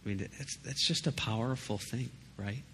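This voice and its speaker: A man's voice: medium pitch, moderate pace, pushed and bright, breathy edge. A man giving a casual, emphatic sermon, talking conversationally with frequent asides to his listeners. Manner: conversational, emphatic, frequent "you know" and "right?". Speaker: preacher.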